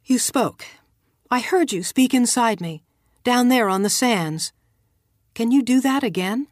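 A woman narrator voicing a startled, fearful young woman with a soft, tense delivery, from an audiobook. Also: a little high, expressive, a little slow, dry recording, clean studio sound, voice pushed up. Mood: awed.

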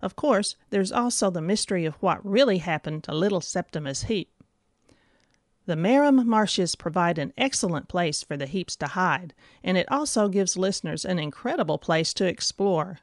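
A woman's voice: on the low side, lively intonation, moderate pace, dry recording, studio quality. A woman giving a scripted, enthusiastic book review. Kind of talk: scripted narration.

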